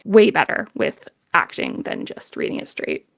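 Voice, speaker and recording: A woman's voice: low voice, creaky. A young woman voice actor with a Southern US accent, chatting in an interview and laughing often. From southern United States. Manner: animated, laughs often, mixes in quick demo voices. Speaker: professional voice actor guest. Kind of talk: casual interview chat.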